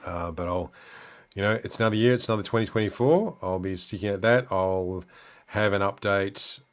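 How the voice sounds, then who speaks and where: A middle-aged man with an Australian accent chats casually on a livestream, working through viewer comments one by one. His voice sits a little low, and his talk is easygoing, full of ums and restarts. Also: moderate pace. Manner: relaxed, chatty, many fillers and restarts. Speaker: livestream host.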